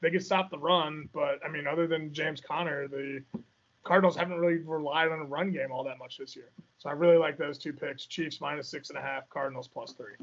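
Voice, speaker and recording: A man's voice: fairly high pitch, steady tone, brisk, a bit bright, muffled recording. A man co-hosting a podcast, confidently talking through his football betting picks with playful bravado. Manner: confident, self-mocking bravado. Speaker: podcast co-host. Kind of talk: casual sports betting chat.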